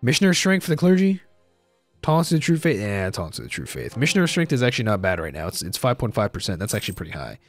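A man's voice: lowish voice, wildly swooping pitch, very fast, dry recording, soft background music. A young man giving casual let's-play commentary on a strategy game, thinking aloud, repeating himself and saying "dude".

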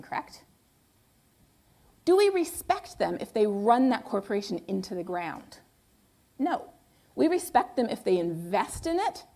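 A higher-voiced woman giving a lively lecture. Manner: asks rhetorical questions and answers them herself; conversational and emphatic. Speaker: guest lecturer. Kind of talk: public lecture with slides.

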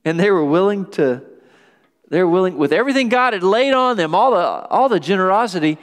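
A man preaching a sermon as pastor, lively and acting out quoted voices. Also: sits high, brisk, long reverb tail. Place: church sanctuary.

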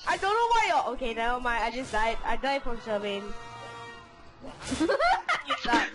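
Shrieky high-pitched gamer woman. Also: moderate pace, music in the background, rough recording. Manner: excitable, shrieking and giggling. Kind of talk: casual gaming chat.

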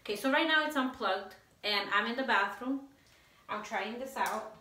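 A woman vlogger casually chatting while she tests a lapel microphone, giggling and filling pauses with loose fillers. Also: fairly high pitch, sharp tone, poor audio. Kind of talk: casual product-test vlog.

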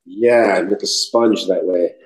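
Animated New man telling stories. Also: deep voice, a little slow, poor audio. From New York City. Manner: animated storyteller, slips into accents and voices. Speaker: actor guest. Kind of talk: casual interview chat.

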